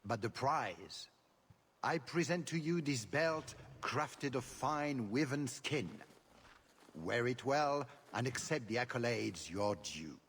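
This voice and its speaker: An actor playing a pompous aristocratic duke who speaks in florid, courtly phrases. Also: male voice, medium pitch, expressive, slow pace, a bit bright, slightly rough, exaggerated voice. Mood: gracious. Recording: long reverb.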